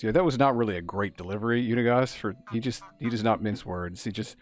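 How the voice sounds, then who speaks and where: A man's voice: on the low side, fast talker, vocal fry, soft background music. A man giving chatty, musing commentary as he streams a game. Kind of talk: casual gameplay commentary.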